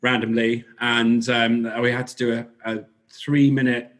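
A man from England chats casually as a guest about his bakery. He rambles, stops and restarts, and fills the gaps with ums, at a middling pitch. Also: level tone, a little slow, fairly bright tone. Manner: rambling, filler-heavy, self-correcting. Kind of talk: casual interview chat.

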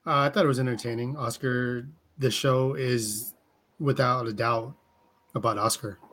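A man's voice: medium pitch, steady tone, moderate pace, a bit bright, slight background noise. A man co-hosting a podcast, making short plain remarks in casual chat. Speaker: podcast co-host.

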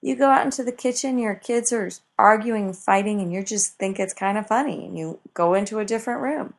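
A woman teaching self-help ideas in a motivational talk, expressive and acting out everyday examples. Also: medium pitch, fairly quick, gravelly.

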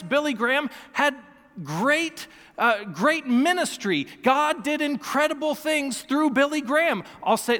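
A man's voice: extremely high pitch, pushed and bright, in a large hall. A man in his thirties preaching a sermon as pastor, earnest and emphatic, often repeating key phrases. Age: 30s. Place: church sanctuary.

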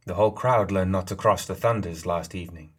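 A blunt, skeptical woman who presses for answers, as a male narrator reads her. The voice stays low and husky, barely changed from the reader's own. It is storybook dialogue, impatient and doubtful. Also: brisk, a bit bright.

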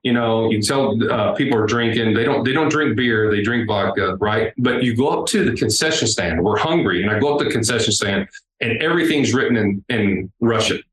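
A man, a guest on an interview, telling a travel story in a casual, animated way. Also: fairly low pitch, a little fast. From United States. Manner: animated, acts out the people in his story. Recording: roomy with faint background noise.

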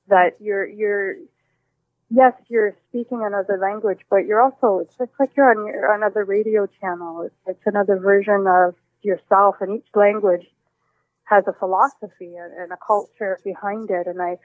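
A woman in her forties, a musician, answering interview questions in a reflective, animated way with many restarts. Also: mid-range voice, dry recording. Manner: warm, reflective, with frequent restarts and exclamations. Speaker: musician guest. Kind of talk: relaxed personal interview answers. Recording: dry, tinny phone-like line.

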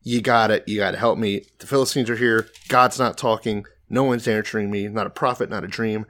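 A man's voice: lowish voice, steady tone, brisk, fairly bright tone, natural voice. Man doing a desperate old king, pleading and profane, lightly acted.

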